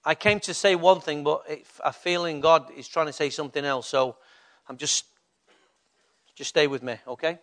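Guy pastor w a high voice, chatty sermon that builds up loud in spots. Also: fairly even intonation, normal speed. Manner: conversational preaching, rising to emphatic bursts.

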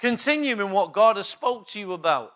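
Bright, high-voiced preaching man. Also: sing-song, a little fast. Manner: emphatic preaching with repeated call-and-response questions. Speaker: pastor. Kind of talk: sermon.

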